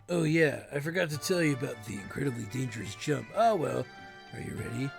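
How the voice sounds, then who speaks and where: A man's voice: medium pitch, lively intonation, normal speed, creaky. A man giving casual, laid-back gameplay commentary with chatty asides. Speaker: let's play host. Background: game music.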